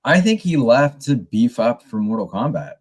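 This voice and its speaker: A man co-hosting a relaxed podcast chat about a film. He rambles, stops and restarts his sentences, and livens up when he retells a scene. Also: mid-range voice, moderate pace. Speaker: podcast co-host. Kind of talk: casual movie review chat.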